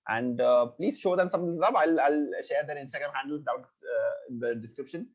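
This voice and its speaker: A man's voice: medium pitch, moderate pace. Playful male podcast host, lo-fi. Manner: playful, jokey, frequent "uh" fillers. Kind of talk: casual podcast interview. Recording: dull lo-fi sound.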